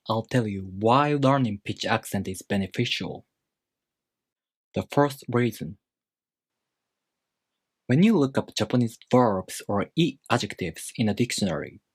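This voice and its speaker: Male tutor, mid-pitched, slightly husky, patient and orderly video-lesson delivery. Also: no room sound, studio quality. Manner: calm, methodical explanations with spoken examples. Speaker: language teacher.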